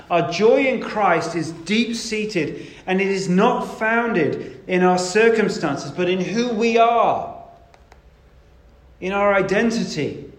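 A man's voice: high voice, echoey room. A man preaching a sermon in a conversational, emphatic way, stressing key words.

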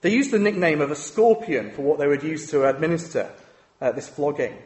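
A man's voice: on the high side, fairly quick, a little mellow. A man preaching a sermon in a conversational way, often asking rhetorical questions.

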